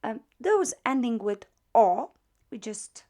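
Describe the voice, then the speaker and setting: Slow-talking woman teaching a grammar lesson. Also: on the high side, very animated, warm tone. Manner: slow, patient, repeats words to drill them. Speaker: language teacher.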